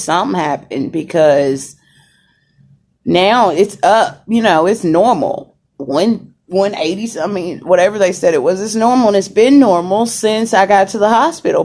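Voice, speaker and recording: Young woman vlogging to her viewers from a hospital bed on a phone; slow, gravelly, chatty, greets viewers by name. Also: on the low side, a little mellow. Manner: chatty, laughing, says y'all, greets commenters. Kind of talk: casual chat to viewers. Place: hospital room. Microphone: phone camera.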